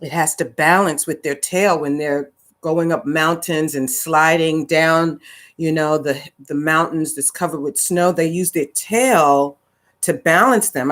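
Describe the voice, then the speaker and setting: A woman acting coach teaching a live-streamed class in a chatty, rambling way, with many fillers and restarts. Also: deep voice. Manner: greets viewers by name mid-lesson.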